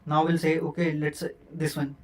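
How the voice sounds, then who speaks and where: A man's voice: on the high side, completely flat delivery, fairly quick, recorded from a distance. A man teaching a coding lesson, counting numbers aloud step by step and correcting himself as he goes. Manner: self-correcting with frequent fillers. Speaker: programming teacher. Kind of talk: screen-recorded coding lesson.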